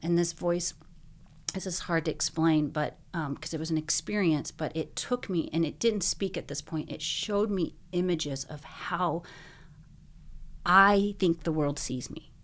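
A young woman, a guest in an interview, telling her own story earnestly, full of "like"s and quick bursts. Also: fairly low pitch.

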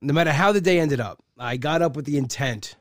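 A man in his forties hosting a podcast, chatting casually from a studio and rambling with many halting restarts. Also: on the high side, no echo. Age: 40s. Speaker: podcast host. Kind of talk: casual chat.

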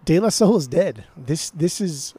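A man co-hosting a podcast in casual chat, excitable and profane, often repeating words as he gushes. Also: a little high, a little slow, husky, no echo. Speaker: podcast co-host.

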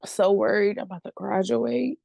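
A woman's voice: mid-range voice, normal speed, vocal fry, mellow, dry recording. A woman, telling a personal story candidly and emotionally, often saying "like". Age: late 20s. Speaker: podcast guest sharing her story.

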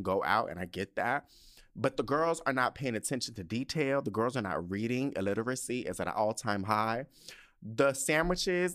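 A man ranting on his podcast in a casual, comedic way, swearing freely and throwing in sassy asides as he tells his story. His voice sits at an ordinary middle pitch, and his delivery stays loose and animated throughout. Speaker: podcast host.

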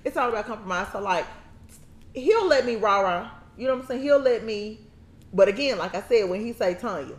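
Animated high-voiced woman, echoey room. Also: brisk. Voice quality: animated, laughs often, acts out quotes in a high voice. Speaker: podcast host. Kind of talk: casual chat. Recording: echoey room with faint noise.

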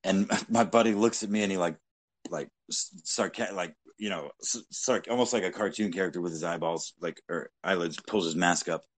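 Low-voiced man telling a profane story. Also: normal speed. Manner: blunt, profanity-laden, animated anecdotes. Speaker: podcast co-host. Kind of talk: casual storytelling chat.

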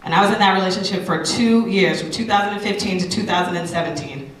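A woman in her thirties, a radio personality, giving a candid personal testimony talk to an audience, animated and full of asides. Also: lowish voice, quick pace, heavy reverb, far from the mic, poor audio.

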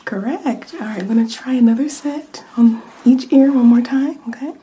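A woman in a whispered role-play, acting as an examiner who gives a hearing test and whispers words softly into each ear. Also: a little high, low-quality recording. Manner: soft, slow and soothing, whispering word lists into each ear.

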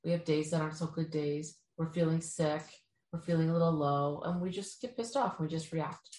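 A woman's voice: low-pitched, steady tone, moderate pace, a little mellow, echoey room, low-quality recording. A woman giving casual motivational advice, often checking in with "right?" and acting out what other people might say. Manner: acts out quoted people in bouncy voices, frequent "right?". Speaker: speaker giving life advice.

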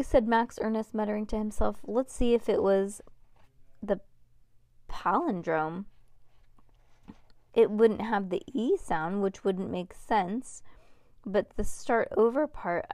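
Woman reading a children's book aloud, relaxed, dry close mic. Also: mid-range voice, no room sound. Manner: relaxed, with small asides and restarts.

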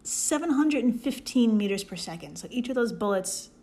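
A woman's voice: a little high, animated, normal speed, darkish tone. Playful woman explaining numbers. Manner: playful, explains step by step with jokes. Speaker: podcast co-host explaining science. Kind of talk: casual podcast chat.

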